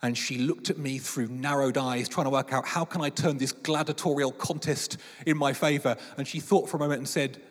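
A man, preaching a sermon with lively storytelling and playful voices. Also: mid-range voice, a little fast, few pauses. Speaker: pastor. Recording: long reverb of a large hall.

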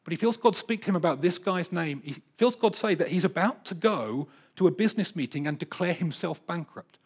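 A husky man preaches a sermon, rising into loud repeated bursts and then dropping to a near hush. His voice sits a little high for a man and carries an easygoing storytelling pull. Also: lively intonation, brisk. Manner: dynamic storyteller, swings from loud bursts to hushed asides. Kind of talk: sermon with personal stories.

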